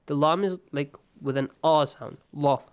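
A man's voice: on the high side, moderate pace, smooth. A man teaching tajweed rules in an online Quran lesson, patiently quizzing his students.

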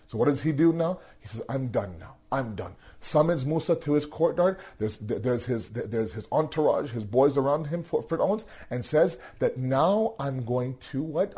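A man giving a religious storytelling lecture, animated, asking rhetorical questions and repeating his words. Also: mid-range voice, slightly rough. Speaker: religious teacher.

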